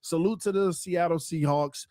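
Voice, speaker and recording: A man's voice: fairly high pitch, moderate pace, darkish tone, no echo, clean studio sound. A man on a sports panel talking football in a brash, slangy way. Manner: brash trash talk, slangy. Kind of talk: heated sports debate.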